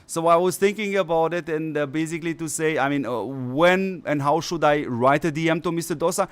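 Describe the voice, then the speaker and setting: A man's voice: fairly high pitch, fairly quick, clear, resonant tone. A male mobile strategy game streamer who is losing his voice, rambling with many fillers and restarts. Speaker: gaming channel host. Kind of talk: casual stream commentary.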